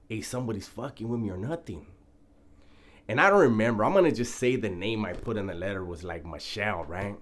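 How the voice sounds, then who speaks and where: A man telling a prison story in a laid-back, profane, casual way, often breaking into laughter. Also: fairly low pitch.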